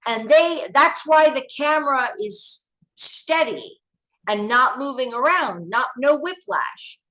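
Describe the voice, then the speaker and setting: A woman from the United States, an interview guest, telling past events in an animated, emphatic way with many restarts. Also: high-pitched, takes it slowly, low-quality recording.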